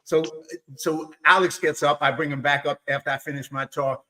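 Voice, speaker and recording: A man from New York hosting a webinar, telling stories in a casual, animated way with frequent restarts and "you know.". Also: a little high, normal speed, rough recording. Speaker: webinar host. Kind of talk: casual storytelling chat.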